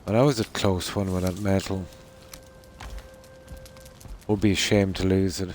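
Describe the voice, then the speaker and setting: A man's voice: low voice, flat delivery, darkish tone, slight background noise. A man giving casual, rambling live-stream commentary while playing a game, talking easygoing from a room at home at night. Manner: rambling and easygoing, with many "you know"s and pauses.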